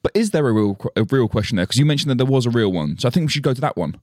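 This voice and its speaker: A man's voice: medium pitch, animated, rapid-fire, darkish tone, no echo, clean studio sound. A young man co-hosting a podcast, rambling, self-deprecating and swearing freely in casual banter. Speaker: podcast co-host, actor.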